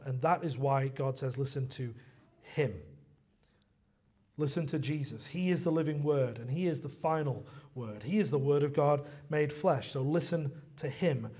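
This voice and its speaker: A man's voice: fairly high pitch, a little mellow. A man preaching a sermon in a conversational way, often repeating phrases for emphasis.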